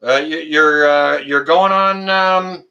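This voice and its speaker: A man from Canada hosting a live stream and taking calls, chatting casually with excited outbursts and lots of filler words. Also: on the high side, slow pace, muffled recording. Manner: excitable, loud exclamations, many fillers. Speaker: livestream host.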